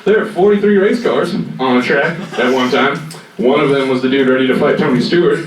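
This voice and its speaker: Picked up from a distance in a noisy, echoey room with crowd noise, a stand-up comic in his twenties from North Carolina rambles along, full of fillers and profanity. His voice is medium-pitched and a little fast.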